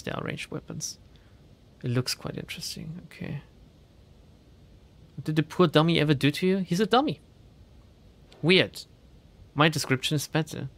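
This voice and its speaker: Chatty gaming streamer, lively and bright. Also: male voice, a little high. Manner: reads game text aloud, chatty, swearing. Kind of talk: let's play commentary.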